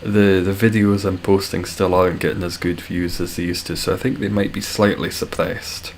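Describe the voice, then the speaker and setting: A man's voice: deep voice, level tone, normal speed, slight background noise. A Scottish man chatting casually with viewers on a live stream, laid-back and swearing freely as he reads the chat. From Scotland.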